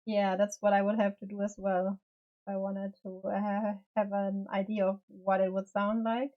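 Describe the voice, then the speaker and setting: A woman streamer chats loosely while she paints, her voice at an ordinary middle pitch. Her talk wanders, peppered with fillers and the odd curse word. She sounds close to a desk mic at home. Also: level tone, moderate pace, dull audio. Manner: rambling, loose, with many fillers and casual swearing. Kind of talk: casual live-stream chat while painting a figure.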